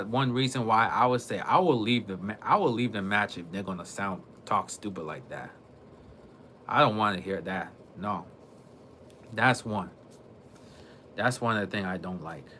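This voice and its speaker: A man's voice: medium pitch, sharp tone, a little hiss or hum. A man giving a casual monologue for his gaming vlog, rambling, repeating himself and restarting his sentences. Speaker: gaming vlogger.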